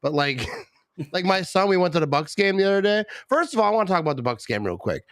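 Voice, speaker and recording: Middle-aged man from Wisconsin, podcast host, a bit tipsy, rambling casual chat, fairly high voice, dry close sound. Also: very animated, fast talker, fairly bright tone, dry recording. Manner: rambling, loose, full of "like" and "bro". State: a little tipsy.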